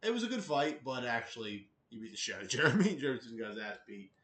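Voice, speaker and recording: A man's voice: medium pitch, very animated, fast talker, fairly bright tone. A man hosts an easygoing sports news roundup. His delivery is loose and rambling, and his sentences wander through fillers and restarts. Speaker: host of a combat sports news show.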